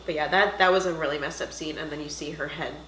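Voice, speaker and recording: A woman's voice: deep voice, quick pace, roomy sound, a little hiss or hum, poor audio. A woman giving casual, jokey reaction commentary as she watches a film and reviews it. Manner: animated, jokey, squeamish asides. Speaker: movie reviewer.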